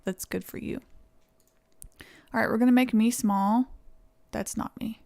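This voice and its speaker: A woman's voice: on the high side, steady tone, a little slow, gravelly, warm tone. Chatty Tennessee woman streamer. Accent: Southern US (Tennessee). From East Tennessee, USA. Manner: chatty, thanks viewers, laughs often. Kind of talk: casual live-stream chat.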